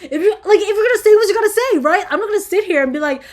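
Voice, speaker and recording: A young woman vlogger answering viewer questions in a casual, heated rant, swearing constantly and filling every pause with fillers. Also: extremely high pitch, animated. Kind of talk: casual ranting chat.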